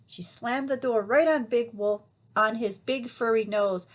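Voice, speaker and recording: A woman reading a children's storybook aloud, expressive, pausing to ask her listeners questions. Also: fairly high pitch.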